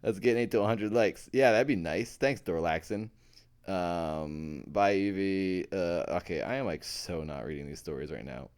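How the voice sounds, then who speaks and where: A man's voice: low-pitched, moderate pace, darkish tone, clear, resonant tone. A man reading ghost stories aloud on a live stream and chatting with his viewers, playful, easily amused and poking fun at himself.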